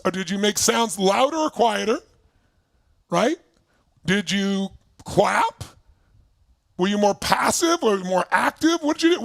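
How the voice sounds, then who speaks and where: A man leading an energetic motivational coaching session for an online audience, firing off questions and swinging between loud bursts and low, quiet stretches. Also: creaky, no echo, clean studio sound. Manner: emphatic, leads exercises with rapid questions, swings from loud to low. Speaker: motivational speaker. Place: indoors, streaming to a video call audience.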